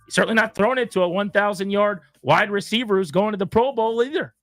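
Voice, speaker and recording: A man's voice: sits high, fast, fairly bright tone, no room sound. A man co-hosting a sports radio show, arguing his case like a lawyer and rattling off statistics with emphasis. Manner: emphatic, rattles off stats like a closing argument. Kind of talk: mock courtroom argument on sports radio.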